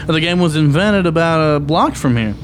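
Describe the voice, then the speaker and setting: A man's voice: a little high, lively intonation, moderate pace, a little hiss or hum, lightly acted. An actor playing a wry private eye who narrates his own story in hardboiled style, with dry wisecracks.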